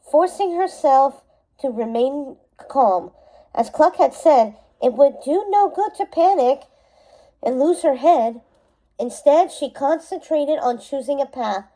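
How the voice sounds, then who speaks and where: A woman reading a novel aloud chapter by chapter, in steady narration that sometimes slips and corrects itself. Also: high-pitched, poor audio. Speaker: storybook reader.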